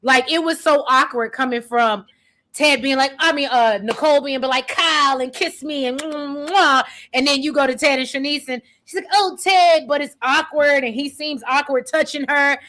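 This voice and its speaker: 高めの明るい声の女性ホスト. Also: female voice, high voice, fairly even intonation, a little fast, pushed and bright. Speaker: podcast host. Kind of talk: casual chat.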